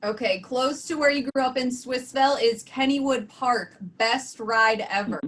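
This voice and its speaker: Woman co-host, high-pitched, brisk quiz-style questions. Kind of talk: casual interview.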